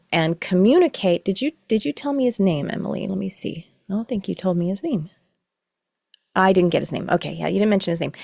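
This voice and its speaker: A middle-aged woman teaching a live online class, explaining in a relaxed, rambling way with self-corrections. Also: medium pitch, creaky, dry recording, studio quality. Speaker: course teacher. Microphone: video call.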